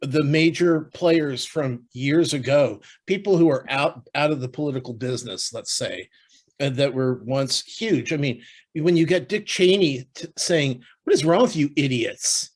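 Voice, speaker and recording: A man in easy podcast chatter who trips over his own words, restarting sentences and filling gaps with "uh" and "you know." His voice sits at an ordinary middle pitch, and he sounds like he is thinking out loud with a friend. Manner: halting, many restarts and fillers. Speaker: podcast co-host. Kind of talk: casual chat.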